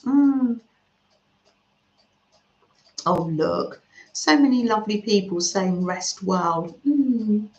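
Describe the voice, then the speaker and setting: Slow, gentle woman hosting a livestream. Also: fairly high pitch. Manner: gentle, chatty, cooing and murmuring. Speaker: craft livestream host. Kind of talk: casual chat reading live comments. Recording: slightly dull sound in an echoey room.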